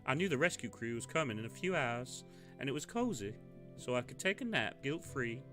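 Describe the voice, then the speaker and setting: A man voicing a gentle small-town pastor with a put-on American Southern accent, speaking softly and encouragingly. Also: medium pitch, sing-song, brisk, soft background music, voice pushed up. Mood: kindly. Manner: soft, encouraging.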